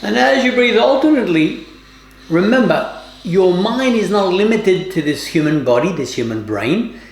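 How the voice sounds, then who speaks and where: A woman yoga teacher giving calm, measured instructions with formal, old-fashioned phrasing during a guided class. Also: mid-range voice. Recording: roomy, echoey room.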